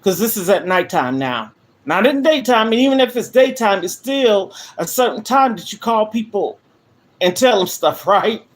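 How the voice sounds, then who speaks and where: An older woman, speaking earnestly and emphatically on a phone livestream from her living room. She addresses viewers directly in a frank, heartfelt monologue, at a middle pitch for a woman. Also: animated, normal speed. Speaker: livestream host.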